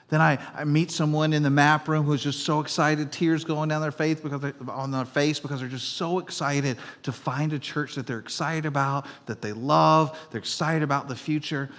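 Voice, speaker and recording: A middle-aged man preaching a sermon as pastor, telling everyday stories in a conversational way and dropping from loud to hushed. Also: a little high. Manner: conversational storytelling, swinging between loud and hushed. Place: church auditorium. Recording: long reverb of a church hall.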